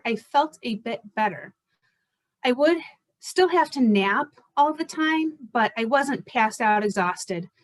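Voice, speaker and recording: A woman's voice: fairly high pitch, dry recording. Earnest woman coach in her 40s. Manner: earnest, direct, listing points steadily. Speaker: fibromyalgia coach. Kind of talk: personal story and coaching pitch.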